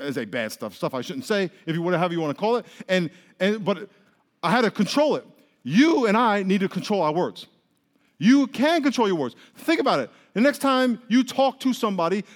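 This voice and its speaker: A man preaching a sermon as pastor, lively, often acting out quoted voices. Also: high-pitched. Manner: animated, acts out quoted voices. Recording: long reverb of a large hall.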